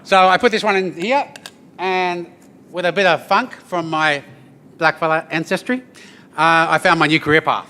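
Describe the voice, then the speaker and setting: Man, performer, brightish higher voice, playful crowd banter. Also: moderate pace, clean tone. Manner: lively, joking, addresses the crowd with "yeah?" tags. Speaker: didgeridoo performer. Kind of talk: storytelling performance to an audience. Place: event venue with an audience.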